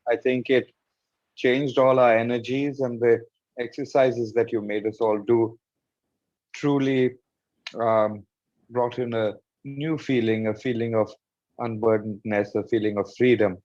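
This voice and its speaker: A man's voice: medium pitch, fairly even intonation, unhurried, darkish tone. A man hosting an online session, thanking the speaker and politely asking questions with some hesitation. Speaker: host. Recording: muffled lo-fi audio.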